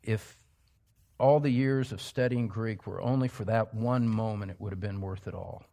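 A male pastor preaching an expository sermon in a church, emphatic, dropping to hushed asides and rising to loud exclamations. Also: fairly low pitch, fairly even intonation, normal speed, creaky.

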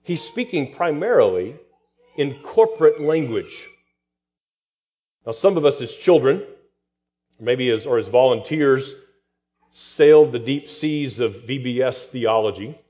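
A man's voice: mid-range voice, expressive, a little slow, long pauses, warm tone, dull audio. A man, a pastor, preaching an expository sermon with rhetorical questions and dry humor.

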